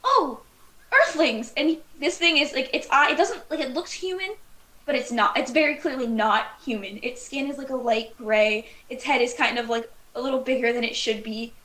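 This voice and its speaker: Woman, game master, high voice, rambling narration, lots of fillers. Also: fairly quick, sharp tone. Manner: rambling, filler-heavy, giggly describing. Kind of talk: casual tabletop game narration.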